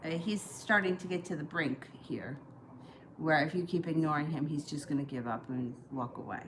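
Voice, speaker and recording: A woman's voice: sits low, normal speed, background noise. A woman giving live-streamed tarot readings, talking in a chatty, reassuring way with plenty of ums and you-knows. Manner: chatty, reassuring advice with many fillers. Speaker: tarot reader.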